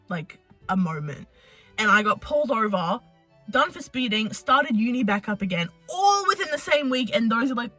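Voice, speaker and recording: Bright, animated young woman. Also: mid-range voice. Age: young adult. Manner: animated, profane, rambling storyteller. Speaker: vlogger. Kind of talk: casual vlog chat.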